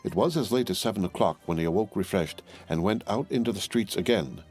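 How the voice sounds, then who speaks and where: A man narrating a classic novel as an audiobook, in measured, even storytelling. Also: fairly low pitch, soft background music. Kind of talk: scripted narration.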